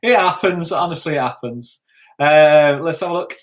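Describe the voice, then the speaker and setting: A man's voice: fairly high pitch, moderate pace. A middle-aged man co-hosting a live stream, joking and reading viewers' comments aloud as he thanks them.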